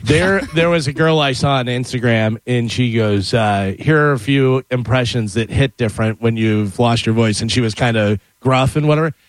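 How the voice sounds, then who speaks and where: A man's voice: mid-range voice, normal speed, hardly any pauses, dry recording. Easygoing male radio co-host, dry mic. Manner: easygoing, teasing, chatty. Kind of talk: casual on-air banter.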